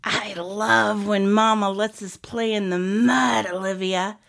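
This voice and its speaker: A woman voicing an eager, always-hungry little boy mouse who talks in an excitable way. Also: mid-range voice, takes it slowly, gravelly.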